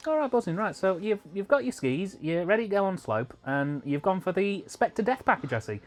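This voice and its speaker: A man's voice: high-pitched, very animated, brisk, voice pushed up. A man voicing a breezy ski-slope attendant with a Mancunian accent, in upbeat salesman patter. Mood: chirpy. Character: chirpy northern male ski-slope attendant.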